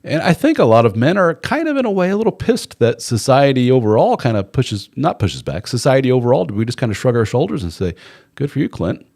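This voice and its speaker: A man's voice: medium pitch, sing-song, fast talker, hardly any pauses, a little mellow. A man hosting a live relationship advice stream, talking casually and bluntly, with some swearing and playful mock voices for the people he quotes.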